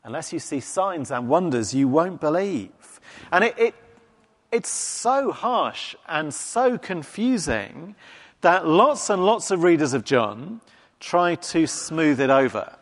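A man's voice: a little high, sing-song, slow pace. A man preaching a sermon in a conversational, wry, emphatic way. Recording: long hall reverb.

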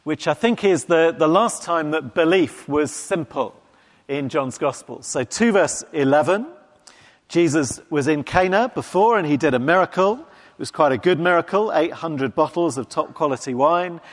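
A man's voice: a little high, animated, moderate pace. A man preaching a sermon in a conversational, wry, emphatic way. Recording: long hall reverb.

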